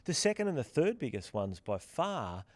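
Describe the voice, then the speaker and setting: In a dry recording, a man with a mid-range, sing-song, slightly mellow voice talks at a moderate pace. He's a podcast co-host from the platform's team, rambling through casual chat full of fillers and restarts.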